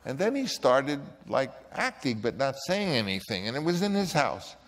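An older man, a filmmaker, telling an animated story in an interview and acting out the people in it. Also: mid-range voice, moderate pace. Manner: animated storyteller who acts out other people's voices. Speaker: filmmaker recalling a casting story. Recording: long reverb.

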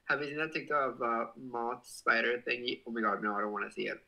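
A young adult man hosts a casual livestream, reading viewer comments aloud in a bubbly, giggly way and swearing playfully. His medium-pitched voice is steady, fast, bright and pushed, with vocal fry, and the audio quality is poor.

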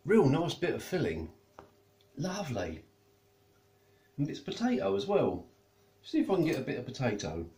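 Lively man in an echoey kitchen. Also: a little high, moderate pace, long pauses. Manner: chatty, tastes and eats while talking. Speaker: food reviewer. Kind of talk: casual food review vlog. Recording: echoey room.

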